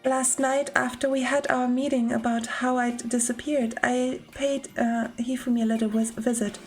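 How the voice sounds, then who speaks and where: A woman's voice: a little high, level tone, moderate pace, faint music behind, natural voice. A woman doing a poised, scheming young gambler with a put-on accent. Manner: composed, mannered accent she calls fake and bad. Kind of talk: reading game dialogue aloud.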